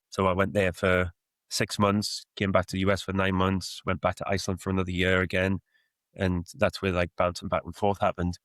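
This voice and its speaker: A man in his thirties with a softened Geordie accent, reflecting on his coaching path in a casual podcast interview, rambling with many fillers. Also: deep voice, dry recording. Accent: Geordie, softened by years in the US. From Newcastle, England. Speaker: guest, football coach.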